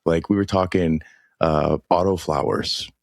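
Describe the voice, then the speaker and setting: A man's voice: low-pitched, fairly even intonation, measured pace, gravelly, no echo, clean studio sound. A man hosting a podcast, talking casually in a laid-back, slangy way. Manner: laid-back slangy, says dude a lot. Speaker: podcast host. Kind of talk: casual chat.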